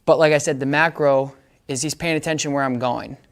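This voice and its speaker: A man's voice: fairly high pitch, steady tone, a little fast. A man giving a casual dog training demonstration, explaining each step and often checking that listeners follow.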